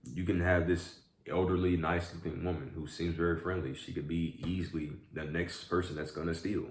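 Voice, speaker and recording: A man's voice: low voice, steady tone, a little fast. A man vlogging casually while eating, telling a rambling story full of fillers like "like" and "you know". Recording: echoey room.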